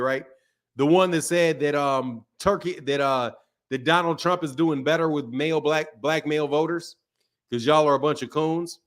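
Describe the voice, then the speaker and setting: A man with a slightly high voice hosts a live stream, talking loosely and joking with his viewers. He laughs often and answers comments as they come in, in an easygoing, casual way. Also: fairly bright tone. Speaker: live-stream host reading chat.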